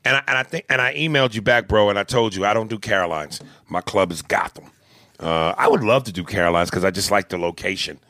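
A man's voice: lowish voice, fast, bright, forceful tone, no room sound. A man co-hosting a comedy podcast, reading a listener's email aloud and joking crudely between lines. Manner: crude, joking, slips into voices. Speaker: podcast co-host.

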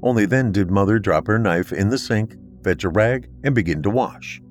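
Low-voiced man narrating horror. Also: moderate pace, soft background music. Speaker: podcast narrator.

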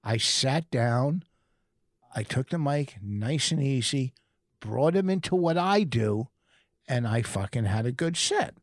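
A man's voice: medium pitch, animated, slow pace, no room sound, studio quality. Insistent man telling a comedy story. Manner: talks over others, insistent, swears. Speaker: comedian and podcast co-host. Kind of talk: argumentative podcast banter.

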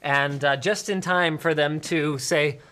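A man hosting a casual tech talk show, rambling with quick asides and self-corrections. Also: a little high, pushed and bright. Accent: Canadian. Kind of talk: casual chat.

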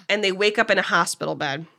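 A woman podcast co-host casually recapping a movie's plot, telling it with animated energy and frequent fillers. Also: medium pitch, a little fast, vocal fry. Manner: animated storyteller, frequent "like" and laughs.

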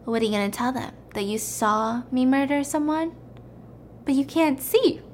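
A woman voicing a scheming widow who mocks and threatens in a cool, quiet tone. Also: high voice, moderate pace. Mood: menacing.

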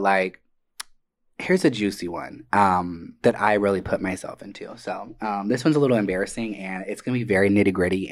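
A man co-hosting a podcast, telling personal stories in a casual, profane and animated way, acting out what others said. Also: lowish voice. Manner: animated, profane, acts out quoted voices. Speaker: podcast co-host. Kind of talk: casual storytelling. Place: Atlanta area.

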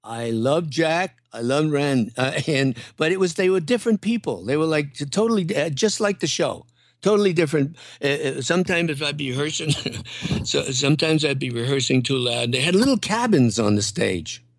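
Older male comic guest, rambling anecdotal delivery, lively pitch, dry close mic. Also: moderate pace, no room sound. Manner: rambling, animated, lots of fillers and restarts. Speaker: comedian and impressionist guest. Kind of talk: casual storytelling chat.

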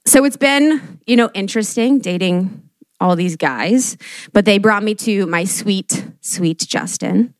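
A woman's voice: medium pitch, measured pace, no room sound. A young adult woman doing a stand-up comedy monologue, casual and profane, peppering her talk with "like" and acting out quotes. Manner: casual, fillers of "like", frequent swearing, acts out quotes.

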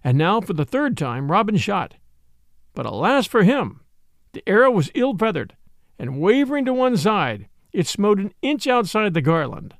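A man narrating a classic adventure story in an expressive, dramatic reading. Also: high voice, moderate pace, no echo, studio quality. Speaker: audiobook narrator.

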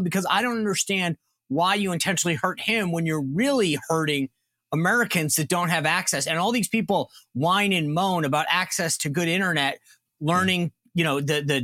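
A man hosting a podcast, talking in an animated, incredulous way as he questions his guest. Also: high voice, dry recording. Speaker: podcast host. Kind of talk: casual interview and read ad.

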